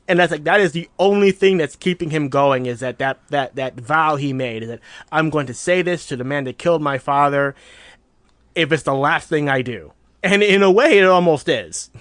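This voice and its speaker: Lively man on a podcast. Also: fairly high pitch, moderate pace, no room sound. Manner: animated, acts out movie quotes. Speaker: podcast co-host. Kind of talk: casual chat.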